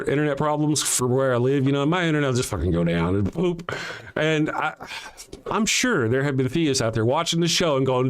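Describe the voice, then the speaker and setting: A man hosting a livestream, answering his chat with sarcastic, mocking rhetorical questions and frequent swearing. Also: mid-range voice. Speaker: livestream host. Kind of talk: livestream commentary reading chat.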